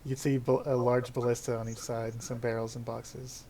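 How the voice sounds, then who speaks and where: A man narrating as game master of a tabletop game, setting scenes in a slow, descriptive way. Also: medium pitch, flat delivery, warm tone, a little hiss or hum.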